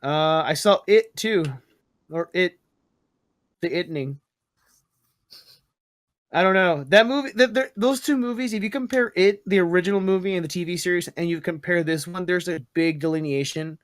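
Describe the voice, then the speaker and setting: A man's voice: high voice, moderate pace, pauses often, dry recording. Rambling profane podcast host guy. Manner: rambling, profane, stumbles over words. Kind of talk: casual chat.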